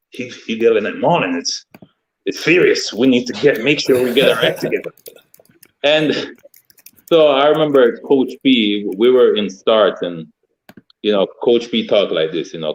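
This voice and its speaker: A former football player, a man, telling a story in casual podcast chat and acting out a yelling coach. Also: lowish voice, muffled recording. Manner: animated storyteller, acts out his coach's yelling.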